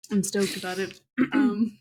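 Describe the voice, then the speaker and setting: A woman's voice: mid-range voice, darkish tone, a little hiss or hum. A woman playing in a tabletop game with friends, making short quips and laughing easily. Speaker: player. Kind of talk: tabletop game session, casual chat.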